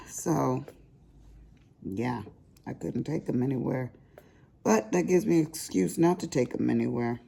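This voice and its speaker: Grandma chatting while she crafts, deep gravelly voice, goes off on tangents. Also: a little slow, long pauses, mellow. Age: older. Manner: chatty, rambling, with laughing asides. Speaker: crafting vlogger. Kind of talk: casual chat while crafting.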